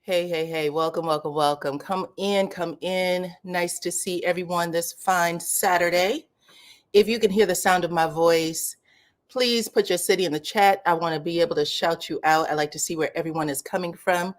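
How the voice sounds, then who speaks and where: A woman hosting a casual live stream, her voice sitting low but leaping up when she calls out to viewers. She chats loosely and repeats her welcomes in a friendly, drawn-out way. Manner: lively, greets viewers by city, drawn-out welcomes. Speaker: host of a live commentary stream.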